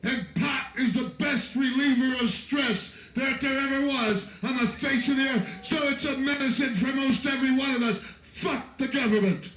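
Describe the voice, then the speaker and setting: An American man giving a fiery, profane, shouting rally speech to a festival crowd from an outdoor stage. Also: very high voice, normal speed, hardly any pauses, reverberant, faint music behind, low-quality recording. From United States. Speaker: activist speaker at a festival.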